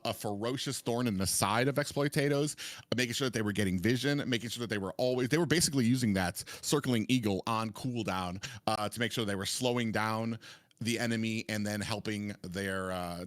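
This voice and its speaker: Low-voiced rambling esports caster, man. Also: a bit bright, no room sound. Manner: rambling, filler-heavy, chuckling. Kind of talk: live esports commentary.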